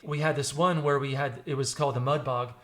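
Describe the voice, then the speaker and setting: A man, a podcast guest, telling stories in an animated, casual way. He often repeats and restarts words. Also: medium pitch, a little fast. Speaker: podcast guest, former firefighter recruit. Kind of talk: casual interview storytelling.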